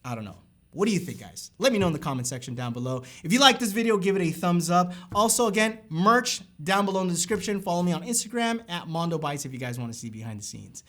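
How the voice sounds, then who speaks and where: A young man with a fairly high voice vents his opinion about a camera straight to his viewers. He talks casually and emphatically, as if chatting with friends in the comments. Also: very animated, quick pace, a bit bright. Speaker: camera review vlogger.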